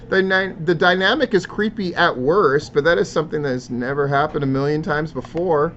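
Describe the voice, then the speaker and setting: A man's voice: fairly high pitch, fairly quick, hardly any pauses, a bit bright. A man hosting a podcast, reading social media posts aloud in casual, profane, sarcastic commentary. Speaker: podcast host. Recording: dull lo-fi sound with faint noise.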